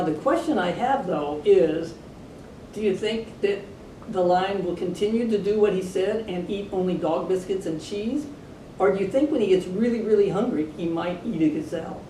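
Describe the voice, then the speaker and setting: Chatty woman reading a storybook to kids. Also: moderate pace. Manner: chatty, animated, adds asides to the kids. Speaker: storybook reader for children. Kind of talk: reading a picture book aloud to children. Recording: echoey room, distant mic, low rumble.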